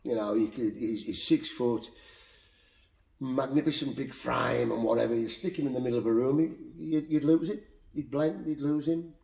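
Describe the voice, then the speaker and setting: Black country bloke, boxing coach, spinning emotional yarns, lots of repeats, echoey room. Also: male voice, mid-range voice, moderate pace, vocal fry. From Black Country, England. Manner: animated, repetitive, heartfelt. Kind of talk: emotional storytelling in conversation. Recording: roomy echo.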